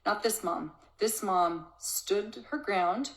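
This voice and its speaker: A woman's voice: medium pitch, slow, few pauses. A woman hosting a parenting advice show, reading a listener's letter and commenting on it in an emphatic, coaching way, often starting with "so". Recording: echoey room.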